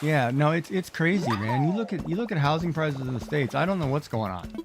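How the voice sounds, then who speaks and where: A man's voice: on the high side, animated, a little fast, creaky, music in the background. Rambling, exclamatory middle-aged male streamer. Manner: rambling, exclamatory, talks back to game characters. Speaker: game streamer. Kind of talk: casual chat while playing.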